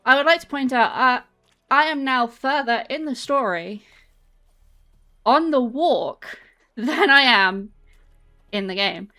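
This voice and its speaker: A woman's voice: medium pitch, sharp tone. An English woman streaming, chatting in a rambling, casual way to her viewers while walking on a treadmill. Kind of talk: casual livestream chat. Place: home, on a treadmill.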